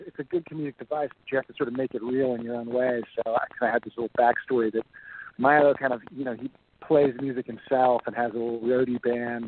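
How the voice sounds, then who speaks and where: Texan actor guest, loose and chatty, middle-pitched, heard through a tinny phone line. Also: male voice, a little hiss or hum. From Texas, USA. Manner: relaxed and chatty, many fillers. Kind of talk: phone-in interview chat.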